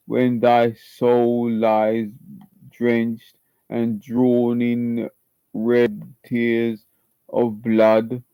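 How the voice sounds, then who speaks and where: A man's voice: medium pitch, warm tone, clean tone, no room sound. A man attempting a Texas accent while performing a monologue as a tormented young man in guilty love, stumbling and repeating words. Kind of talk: dramatic audition monologue. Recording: slightly muffled lo-fi recording.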